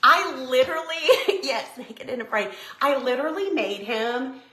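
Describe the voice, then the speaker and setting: A woman hosting a home craft video, chatting and telling a story in an animated, exclaiming way as she works. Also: sits high, a little slow. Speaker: DIY crafting host. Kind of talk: casual storytelling while crafting. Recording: roomy echo.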